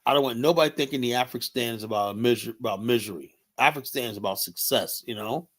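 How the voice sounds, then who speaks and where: A man's voice: medium pitch, quick pace, fairly bright tone. A man hosting a show, ranting bluntly and angrily with profanity and constant "you know"s. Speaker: host. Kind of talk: casual ranting commentary.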